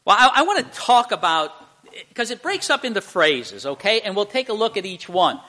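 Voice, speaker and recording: A male pastor preaching a conversational sermon in church, halting with fillers and restarts and speaking directly to the children. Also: high voice, very animated, sharp tone. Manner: addresses children in the congregation directly.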